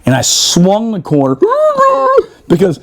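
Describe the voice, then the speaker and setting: Man, somewhat high voice, casual podcast storyteller, swears a lot, laughs often. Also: a little slow. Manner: profane, animated, laughing often. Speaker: podcast storyteller, former Marine.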